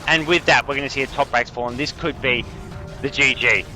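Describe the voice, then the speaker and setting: A young man with a slight French accent casts an esports match alone over a headset. His voice is bright and forward, with steady analysis that jumps into excited calls on big plays. Faint music plays under him. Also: mid-range voice, a little fast. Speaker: esports caster. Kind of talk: solo game commentary.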